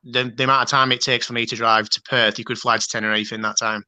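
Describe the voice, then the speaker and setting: A man from the Leeds area talks on a video call in a relaxed, chatty way. His voice is strikingly bright and forward, with a dry, close sound and no room echo. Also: mid-range voice, fast talker, smooth. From Leeds area, England. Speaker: guest fan. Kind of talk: casual video call chat.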